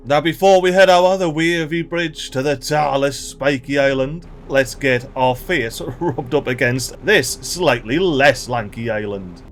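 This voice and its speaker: A man giving casual gameplay commentary as a let's-play host, excitable and exclamatory, full of slang and chuckles. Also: a little high.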